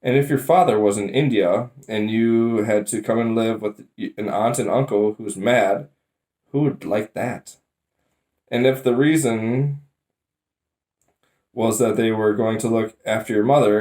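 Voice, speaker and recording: A man's voice: on the low side, lightly acted. A man voicing an unhappy, wound-up young boy in a read-aloud storybook. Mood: miserable. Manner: upset, rushing, then hushed.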